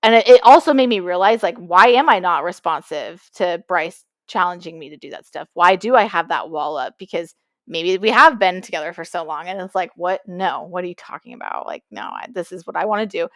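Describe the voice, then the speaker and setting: Animated young woman telling a story. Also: on the low side, fairly quick, no room sound, studio quality. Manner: animated storytelling, acting out quoted lines. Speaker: podcast co-host. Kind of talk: casual chat.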